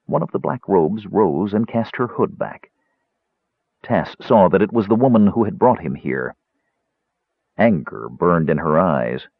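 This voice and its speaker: A male audiobook narrator with a low, husky voice that rises and falls a lot as he tells the story. His delivery is measured and expressive. The recording is dry and slightly dull. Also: dry recording.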